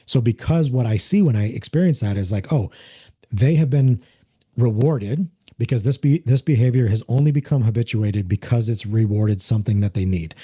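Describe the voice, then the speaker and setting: A man's voice: medium pitch, moderate pace, mellow, slightly rough. A man, a former police officer, explaining things earnestly in a conversational interview and acting out the voices of the people he quotes. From United States.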